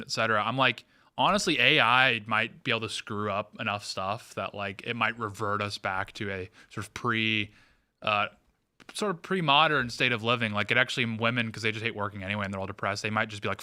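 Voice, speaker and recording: A man with a very bright, sharp voice rattles off rambling anecdotes on a podcast panel. He talks fast, laughs often, and strings his thoughts together with lots of "like.". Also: fairly low pitch, clear, resonant tone. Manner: rambling, laughing, full of "like" fillers. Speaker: podcast co-host. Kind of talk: casual panel chat.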